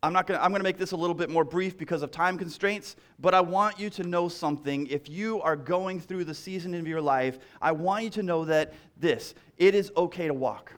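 A man's voice: high voice, brisk, few pauses, fairly bright tone. A male pastor preaching a sermon in a conversational way, repeating key lines and restarting phrases as he talks.

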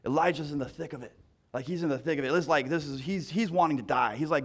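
A man preaching a sermon in an easy, conversational style, with a voice sitting a little above the usual pitch for men. He repeats key phrases for weight and restarts his sentences now and then as he talks to the congregation. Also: quick pace. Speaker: pastor.

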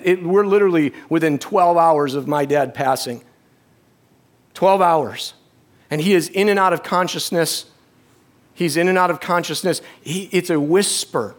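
A middle-aged man delivers an emotional sermon story in a slightly high voice. He stumbles through restarts and sinks into quiet, hushed stretches. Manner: emotional storytelling, halting restarts, drops to a hush. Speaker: preacher.

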